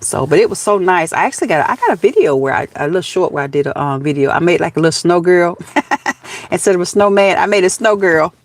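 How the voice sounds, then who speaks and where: A woman's voice: on the low side, animated, quick pace, no echo. A folksy woman with a Southern US accent chats casually with her live stream viewers, sprinkling in "baby" and "honey." She is from Georgia and talks from outdoors. Her voice sounds dry, close and plain.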